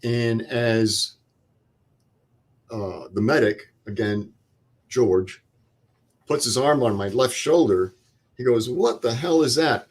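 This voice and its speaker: An older man, a veteran guest in an interview, retelling a night in combat in plain, vivid words with quoted dialogue and pauses. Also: mid-range voice. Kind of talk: interview storytelling.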